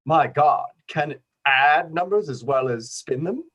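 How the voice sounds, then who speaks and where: A man playing a pompous old-fashioned gentleman with a put-on transatlantic accent, in an improvised comedy scene over a video call. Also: fairly high pitch, expressive, a little slow, muffled recording. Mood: haughty. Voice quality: affected, haughty upper-class delivery.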